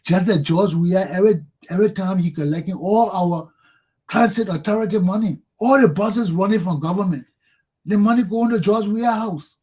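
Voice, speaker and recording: Angry, husky Liberian man ranting. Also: sits high, normal speed, a little mellow. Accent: Liberian English. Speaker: talk show host. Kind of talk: impassioned political monologue.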